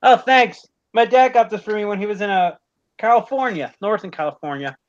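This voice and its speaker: A man's voice: sits high, lively intonation, a little fast, lo-fi sound. A man hosting a live stream, chatting casually and telling jokes, laughing often.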